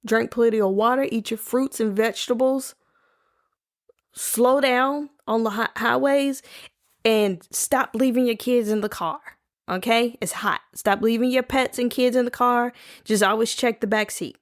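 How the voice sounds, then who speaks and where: A woman's voice: fairly high pitch, steady tone, measured pace, dry recording, clean studio sound. A woman hosting a casual solo podcast, rambling playfully and calling listeners baby and y'all. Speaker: podcast host. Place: home, recording at night.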